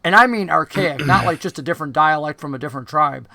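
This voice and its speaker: A man narrating a tabletop fantasy game as game master, talking in a chatty, enthusiastic way with lots of fillers. His voice is bright and fairly high, and the sound is dry and close. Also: animated, brisk, creaky, dry recording.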